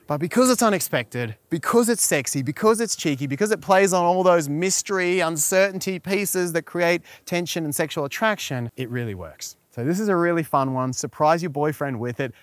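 A man's voice: a little high, animated, a little fast, dry recording. A man hosting a relationship advice vlog, frank and coaching, often checking in with the viewer. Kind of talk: direct-to-camera advice vlog.

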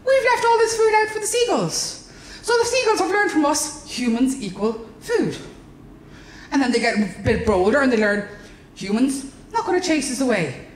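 An Irish woman doing stand-up comedy on a club stage, animated, exaggerated and sweary. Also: sits high, moderate pace, a little hiss or hum. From Ireland. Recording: roomy live venue.

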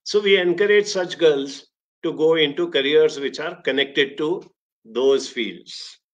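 A man with an Indian English accent, a career counselor giving a motivational talk and telling stories with sudden rises in pitch and volume. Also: unhurried, low-quality recording.

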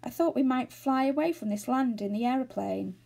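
An eager storybook boy, played by a woman reading aloud, lifting brightly and firmly scolding at times. The voice is dark-toned and slightly husky. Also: high-pitched, a little fast, voice pushed up. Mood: wishful. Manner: keen, and stern when crossed. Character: eager, bossy young boy.

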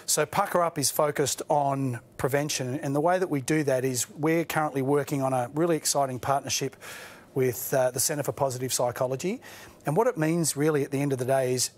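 A middle-aged Australian man, a studio guest on a chat show, talking earnestly with halting restarts and laughing through his stories. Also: mid-range voice, a little mellow. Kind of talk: casual panel chat, storytelling.

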